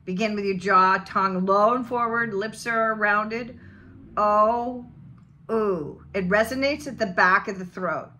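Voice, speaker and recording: An accent coach from the western United States, speaking General American, leads a pronunciation lesson and drills sounds slowly and deliberately. Her mid-range voice has a sharp tone.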